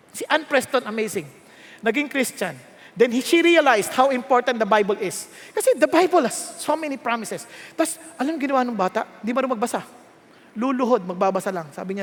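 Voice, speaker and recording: A male pastor preaching a sermon, animated, swinging between hushed lines and shouted emphasis and often asking the congregation questions. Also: very high-pitched, fast talker. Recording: long echo of a large hall.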